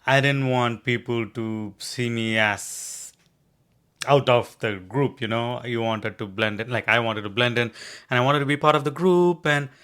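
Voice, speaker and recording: A man's voice: medium pitch, a little slow, a bit bright, clear, resonant tone. A man from India with an Indian accent, co-hosting a podcast and speaking in an earnest, emphatic way. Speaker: podcast co-host. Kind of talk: casual conversation.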